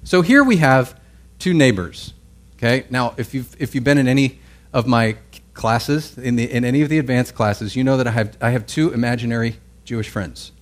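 A man's voice: mid-range voice, normal speed. Conversational man teaching a Bible passage. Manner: conversational, checks in with the listeners; repeats and restarts his phrases. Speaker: pastor teaching a Bible class. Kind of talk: sermon.

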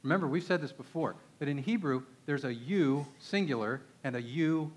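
A man's voice: a little high, moderate pace. A man with a Texan accent preaching a conversational sermon, emphatic and often asking his listeners rhetorical questions. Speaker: pastor.

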